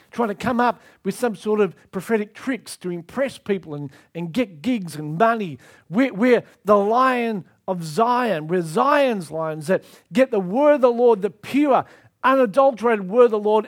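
A man's voice: high-pitched, lively intonation, a little slow. A man preaching a sermon with emphatic, repetitive delivery.

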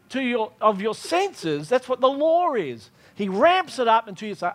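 A man preaching a sermon, acting out his own prayers and God's replies in lively dialogue. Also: very high voice, normal speed, few pauses. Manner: animated, acts out dialogues with God.

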